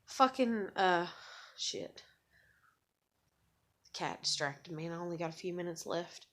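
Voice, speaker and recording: A woman's voice: fairly low pitch, a little slow, a bit bright. A woman venting in an angry, profane vlog monologue, blunt and bitter, often repeating words as she gets worked up. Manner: heavy swearing, bitter and blunt; repeats and restarts words when agitated. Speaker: vlogger. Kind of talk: angry ranting monologue to camera.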